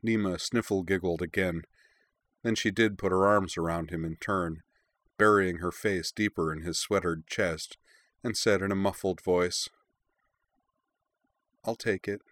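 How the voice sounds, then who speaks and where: Deep-voiced man reading a story. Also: steady tone, normal speed, a bit bright, no echo. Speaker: narrator.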